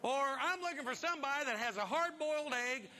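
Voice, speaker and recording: A man preaching a sermon as pastor, telling stories with lively acted-out voices. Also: very high voice, fairly quick. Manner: animated storytelling, acts out voices. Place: church. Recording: long reverb of a large hall.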